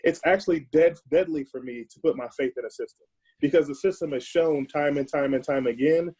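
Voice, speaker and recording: A man speaking as a podcast guest in a casual discussion, earnest and forceful, often restarting his words. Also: fairly high pitch, fairly quick, slightly rough, rough recording.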